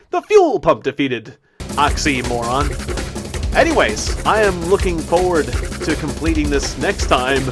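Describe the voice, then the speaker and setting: A man hosting a gameplay recap, chatting casually with a self-deprecating, giggly manner and frequent restarts. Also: fairly high pitch. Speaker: gaming video host. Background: loud game music.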